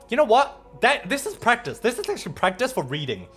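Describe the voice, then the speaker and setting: A man's voice: very high-pitched, huge pitch swings, fairly quick, hardly any pauses, a bit bright, husky, faint music behind. A man with an Australian accent streaming, chatting casually and playfully as he reads out viewer messages, rambling and swearing now and then.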